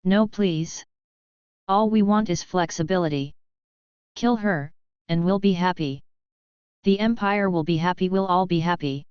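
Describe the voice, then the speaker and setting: A woman's voice: on the low side, measured pace, long pauses, clear, resonant tone, dry recording, lightly acted. A woman voicing an oily, wheedling Hutt boss. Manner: wheedling, pleading. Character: oily treacherous male Hutt crime boss. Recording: slightly dull, dry sound.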